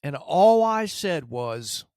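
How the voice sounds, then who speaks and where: A man with a somewhat high voice tells a story in a relaxed podcast chat and acts out the lines of the people in it. The sound is dry and close, with no room echo. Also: slow, clean tone. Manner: animated anecdote, acts out quotes. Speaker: dog trainer, podcast host.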